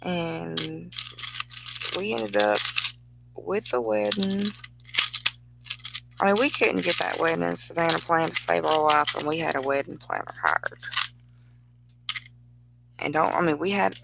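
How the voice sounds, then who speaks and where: A woman's voice: sits low, animated, unhurried, creaky, pauses often, very noisy. A middle-aged woman, chatting casually and rambling through a personal story while she crafts. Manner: chatty, rambling anecdote with laughs. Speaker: crafting vlogger.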